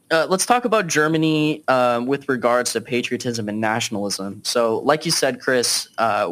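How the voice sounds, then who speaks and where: A man's voice: mid-range voice, fairly bright tone. A man hosting a podcast, leading a casual political discussion with frequent fillers. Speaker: podcast host.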